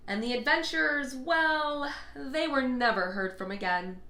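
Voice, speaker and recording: A woman reading a children's bedtime storybook aloud in an expressive, lilting way. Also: high-pitched, unhurried. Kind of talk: read-aloud storybook narration. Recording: echoey room.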